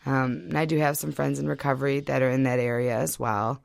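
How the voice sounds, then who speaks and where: A woman's voice: extremely low pitch, steady tone, a little fast, creaky, no echo. A woman from Michigan, a guest chatting in a radio studio, talking casually with lots of fillers. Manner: chatty, many fillers and laughs.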